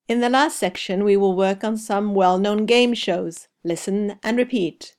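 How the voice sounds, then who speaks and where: Slow, deliberate woman teaching a drill. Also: medium pitch, darkish tone. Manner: slow, deliberate, clearly spaced words. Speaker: language teacher. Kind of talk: slow scripted pronunciation drill.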